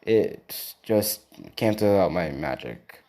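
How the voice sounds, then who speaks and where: Lonely trapped dragon, chatty and sheepish, read plainly by a man; animated pitch. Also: takes it slowly.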